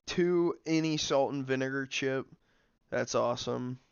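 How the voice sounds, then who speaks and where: A man's voice: medium pitch, unhurried, gravelly, clean tone, no echo, dull audio. A young man streaming a game, chatting casually with lots of fillers while he snacks. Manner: rambling, filler-heavy, snacking while talking. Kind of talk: casual livestream commentary.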